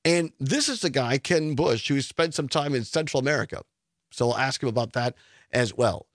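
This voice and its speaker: A man hosting a talk radio show, brisk and friendly, taking calls and setting up segments. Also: medium pitch, lively intonation, no echo, clean studio sound.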